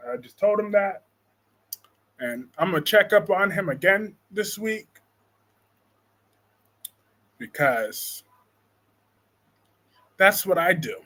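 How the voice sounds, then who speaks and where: A man hosting a casual live-stream chat about soap operas, excitable and quick to fire up, reading viewer comments aloud. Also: high voice. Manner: excitable, swings from calm to loud anger. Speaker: soap opera talk show host.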